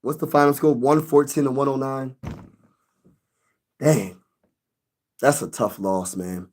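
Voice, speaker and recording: A man's voice: mid-range voice, animated, measured pace, a little mellow, slight background noise. A young man hosting a sports live stream, venting loosely in slang and talking back to his chat.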